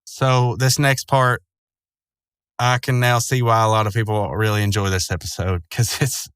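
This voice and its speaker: A man's voice: lowish voice, little pitch movement, normal speed, fairly bright tone, clean tone, dry recording. A man casually retelling a cartoon episode, rambling with lots of fillers and frequent chuckles. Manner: rambling, loose, chuckling often, many fillers. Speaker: show recapper.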